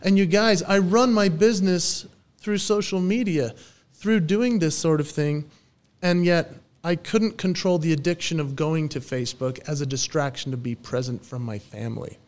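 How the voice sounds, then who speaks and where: A man in his forties, a stage entertainer and guest on a podcast interview, telling lively stories and acting out the voices he quotes. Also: fairly high pitch, moderate pace. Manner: lively storyteller who acts out quoted voices.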